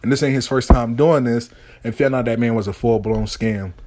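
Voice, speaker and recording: A man hosting a storytelling show, telling a wild tale in an emphatic, profane, animated way. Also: medium pitch, brisk. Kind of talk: casual storytelling.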